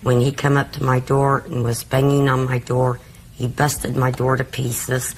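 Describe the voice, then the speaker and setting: A middle-aged woman testifies in court in a blunt, plain-spoken way. She rushes through her account. Her voice is very low, and a faint hiss runs underneath. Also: monotone. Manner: plain-spoken, tells events in a rush. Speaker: litigant, mother.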